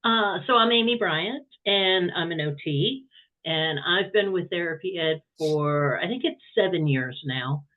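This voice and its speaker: A woman's voice: on the low side, unhurried. Woman on a tinny phone-like line. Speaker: co-host and instructor. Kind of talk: live online webinar. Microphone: video call.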